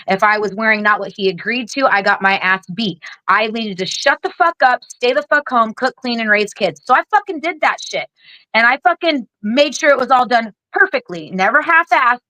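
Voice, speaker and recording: A woman in her forties talks in a bright, slightly high voice, blunt and rapid-fire, with constant swearing. The sound is close and dry, with no room around her. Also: dry recording, poor audio. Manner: blunt, heavily profane, rapid-fire venting. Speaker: guest, Air Force veteran. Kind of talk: candid podcast storytelling.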